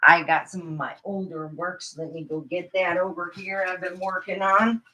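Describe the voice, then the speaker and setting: A woman's voice: fairly low pitch, steady tone, normal speed, pushed and bright. A middle-aged woman telling rambling comic stories in a chatty, meandering way. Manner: chatty, meandering, many fillers. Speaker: comedian. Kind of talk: rambling stand-up storytelling.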